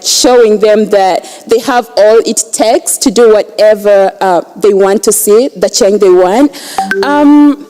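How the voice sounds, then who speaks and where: A young Ugandan woman in the audience, asking a question in an excited, gushing way with many fillers. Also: medium pitch, big-room sound, poor audio.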